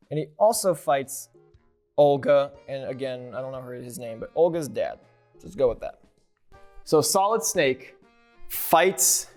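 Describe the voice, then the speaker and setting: Rambling, higher-voiced man recapping game lore. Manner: rambling, self-correcting, loose and joking. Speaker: YouTuber.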